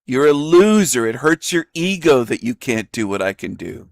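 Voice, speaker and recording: A man's voice: medium pitch, lively intonation, normal speed, gravelly, dry recording. Man, host, ranting reaction commentary, scornful, insulting, repetitive, dry sound.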